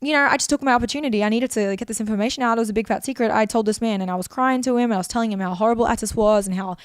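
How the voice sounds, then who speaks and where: Fast-talking young woman telling her story. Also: a little high, clean tone, dry recording, studio quality. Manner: rapid, emotional, swears often. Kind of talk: candid personal storytelling.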